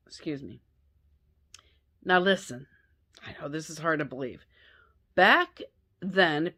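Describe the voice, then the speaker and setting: A woman's voice: mid-range voice, fairly bright tone. A woman retelling a Bible story as a lesson, chatty and self-correcting, with asides to her listeners.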